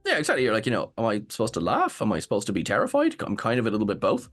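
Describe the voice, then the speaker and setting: Irish man co-host, low-ish voice, animated, halting. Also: faint music behind. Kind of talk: casual discussion.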